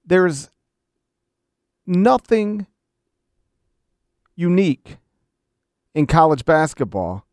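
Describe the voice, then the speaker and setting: A man's voice: a little high, darkish tone, no room sound, studio quality. A middle-aged man delivering an emphatic, argumentative sports commentary, pressing his case with repeated rhetorical questions. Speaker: college basketball commentator. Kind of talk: opinion commentary monologue.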